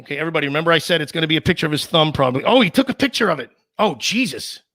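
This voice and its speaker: Animated man, high bright rambling voice. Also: rapid-fire. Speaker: co-host. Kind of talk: casual live-stream chat.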